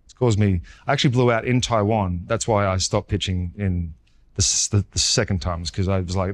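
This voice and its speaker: A man in his forties with an Australian accent, a former pitcher guest telling his story in a casual interview and acting out the dialogue. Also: a little fast. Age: 40s. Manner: lively storyteller who acts out quoted dialogue.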